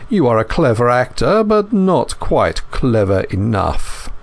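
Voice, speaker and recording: A man voicing a calm, sinister old gentleman, a menacing mastermind, in an audiobook reading. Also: medium pitch, unhurried, gravelly. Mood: coolly menacing. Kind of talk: audiobook character voice.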